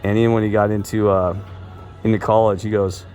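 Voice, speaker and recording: A man's voice: on the low side, little pitch movement, a little fast, warm tone, soft background music. A middle-aged man rambling through personal stories on his vlog, circling back and restarting his sentences with lots of fillers. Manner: meandering, repeats himself, many fillers and restarts. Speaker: vlogger.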